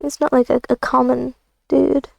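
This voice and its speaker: Woman streamer, playful rambler, high-pitched, dry close recording. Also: flat delivery, moderate pace, gravelly, darkish tone, no echo. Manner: rambling, playful, jokey asides. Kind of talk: casual livestream chat while drawing.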